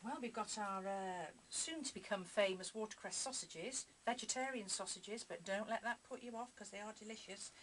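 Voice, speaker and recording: A woman's voice: medium pitch, normal speed, hardly any pauses. A woman appearing as a guest cook on a radio show, chatting cheerfully in the studio. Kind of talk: casual studio chat. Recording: noisy broadcast recording.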